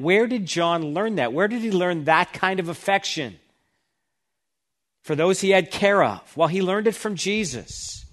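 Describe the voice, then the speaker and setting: A man's voice: high voice, lively intonation, a little slow, a bit bright. A man preaching an expository sermon, reading scripture aloud with emphasis and explaining it to the congregation. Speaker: pastor.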